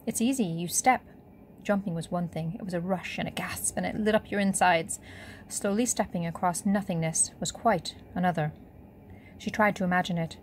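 A woman reading an audiobook in a steady, measured storytelling manner. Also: on the low side, slight background noise. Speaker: audiobook narrator. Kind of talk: scripted narration.

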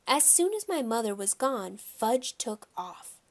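A woman narrating a children's audiobook in a measured, storytelling first-person reading. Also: on the high side, big pitch swings.

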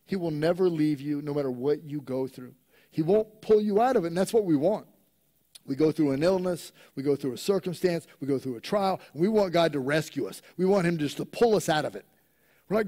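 Pastor guy with a high voice, preaching hard, goes soft then loud. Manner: emphatic preaching, swings from quiet to loud. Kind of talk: sermon. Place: church.

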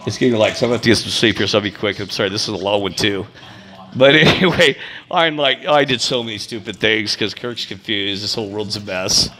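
A middle-aged vlogger with a lowish, pushed, bright voice talks quickly, rambling through personal stories. He's chatty, laughs a lot, and keeps poking fun at himself.

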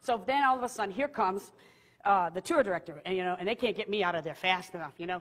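A woman telling a personal story with animated delivery, laughing often and jumping into high excited outbursts. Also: quick pace, big-room sound. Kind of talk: testimony storytelling.

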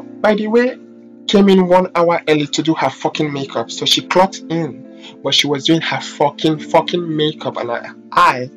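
Brief: exasperated storytime ranter, swears freely, average pitch, faint guitar playing underneath. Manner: blunt, profane, exasperated. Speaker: storytelling vlogger. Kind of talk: casual storytime rant.

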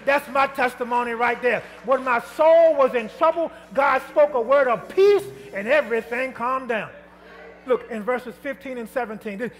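A pastor preaching an emphatic, rhythmic call-and-response sermon in a church sanctuary. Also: male voice, very high voice, a bit bright. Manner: emphatic, rhythmic preaching with repeated calls to the congregation. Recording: long church reverb with music behind.

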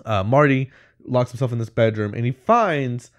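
A man's voice: mid-range voice, expressive, normal speed. A man co-hosting a podcast, casually recapping a movie scene by scene, rambling with lots of filler words and laughing as he goes. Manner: rambling, full of "like" and "whatever", laughs mid-sentence. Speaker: podcast co-host.

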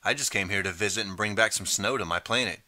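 A man voicing a sarcastic teenage boy who jokes slowly and mockingly. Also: on the low side, pushed and bright, dry recording.

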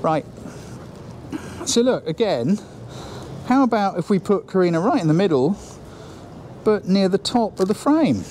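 A man's voice: sits high, very animated, a little slow, pauses often, darkish tone, slight background noise. A man teaching photography on a shoot, chatty and encouraging, thinking aloud as he works. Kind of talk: on-location photo lesson. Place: outdoors then inside a building on a shoot.

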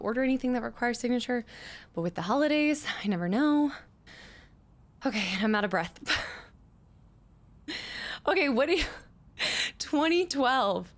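A woman commenting on her own gameplay, muttering number combinations to herself, chatting with viewers and laughing often. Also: fairly high pitch. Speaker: gaming streamer. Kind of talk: let's play commentary.

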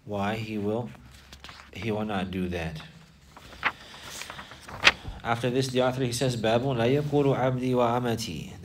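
A man's voice: on the low side, recorded from a distance, slight background noise. A man teaching a religious class, explaining word by word and repeating key phrases.

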